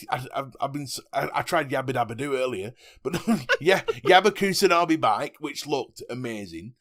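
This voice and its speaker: Animated man, lively pitch. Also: normal speed. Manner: animated, laughs often, jokey. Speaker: podcast co-host. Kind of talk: casual podcast chat.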